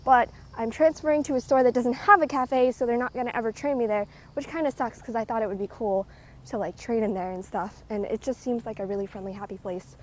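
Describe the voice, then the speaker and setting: A young woman chatters away in a high, quick voice, rambling from one thought to the next with plenty of fillers. She's walking outdoors and a little out of breath, with faint street noise behind her. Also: rough recording. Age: young adult. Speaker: vlogger. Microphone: handheld recording device with clip mic.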